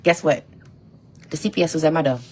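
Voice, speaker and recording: A woman social media content creator with a low-sitting voice speaks a little fast against a noisy background. Talking directly to the camera, she rambles and pleads with her followers in an emotional, profane rant.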